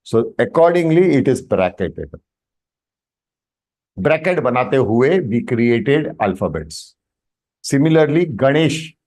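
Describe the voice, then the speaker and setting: A man's voice: mid-range voice, a little mellow. A man with an Indian English accent teaching an online language class, patiently drawing out and repeating each pronunciation and checking that students follow. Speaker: Sanskrit teacher.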